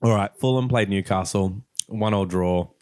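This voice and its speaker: A man hosting a casual football podcast, chatty and quick to laugh. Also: lowish voice, a little mellow, no echo, clean studio sound. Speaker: podcast host.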